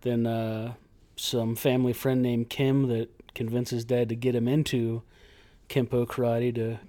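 A man's voice: mid-range voice, little pitch movement, a little slow, mellow. A man co-hosting a podcast, talking casually and sardonically about a movie. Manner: sardonic, laughs easily. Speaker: podcast co-host. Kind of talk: casual chat reviewing a movie.

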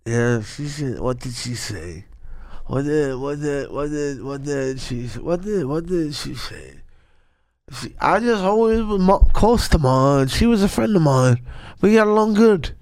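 A middle-aged man being interviewed in a dry, close room. His voice sits a little high and jumps around a lot in pitch. He talks haltingly, repeats words, and swings between a low mumble and sudden loud bursts. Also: expressive, no room sound. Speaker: guest. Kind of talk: casual interview.

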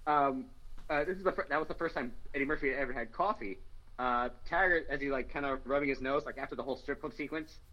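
A man with a bright, forceful tone talks easily about films. He speaks at a middling pitch and agrees often. His talk is full of casual fillers. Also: fast, lo-fi sound. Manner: relaxed, agreeable, filler-heavy. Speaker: podcast co-host. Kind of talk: casual chat about movies.

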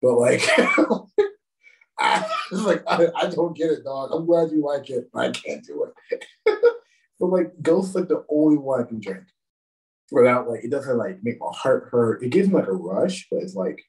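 Lively Southern man telling stories. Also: medium pitch, distant mic, low-quality recording. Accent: Southern American. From Southern United States. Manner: laughing, slangy, quick anecdotes. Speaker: professional wrestler guest. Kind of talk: casual podcast storytelling.

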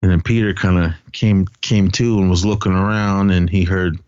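A man hosting a podcast, casually retelling a movie's plot in a rambling, halting way with many fillers. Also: low-pitched, steady tone, a little mellow, clean tone, dry recording, lo-fi sound. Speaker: podcast host. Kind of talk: casual film recap.

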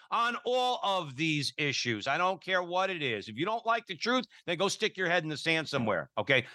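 A middle-aged man co-hosting a radio talk show, speaking bluntly and forcefully, almost preaching. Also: a little high, no room sound, studio quality.

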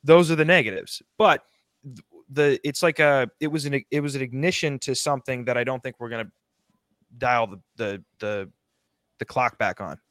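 A man's voice: medium pitch, normal speed, fairly bright tone, dry recording, studio quality. A man co-hosting a podcast, talking bluntly and crudely in loose, rambling sentences. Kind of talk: casual podcast chat.

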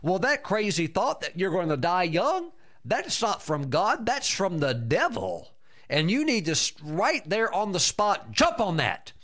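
A man, a pastor, preaching a sermon in an emphatic, animated way, with repeated exclamations. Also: high-pitched, measured pace.

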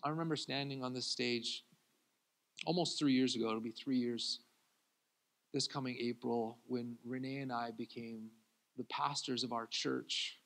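A man, a pastor, preaching a sermon who swings between loud acted-out pleas and quiet confiding talk, laughing often. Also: mid-range voice, steady tone, normal speed.

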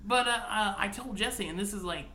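A woman co-hosts a podcast and tells animated stories in a casual chat, laughing often. Her voice is bright and forceful. It is recorded in an echoey room. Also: mid-range voice, a little fast, a little hiss or hum. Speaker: podcast co-host.

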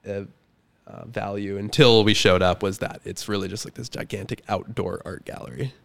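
A man's voice: on the low side, steady tone, normal speed, vocal fry. A young man in casual podcast chat, telling a story in a loose, rambling way full of fillers. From Canada. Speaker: podcast guest.

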